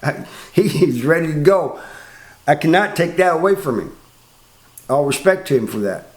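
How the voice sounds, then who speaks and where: An older man with a Southern American accent speaks in a relaxed, drawling storyteller's manner and stumbles over repeated words. His voice sits somewhat high for a man. The sound is roomy, with clear echo around him. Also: moderate pace. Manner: laid-back, drawling, repeats words as he talks. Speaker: storyteller, former prisoner. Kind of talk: casual spoken storytelling.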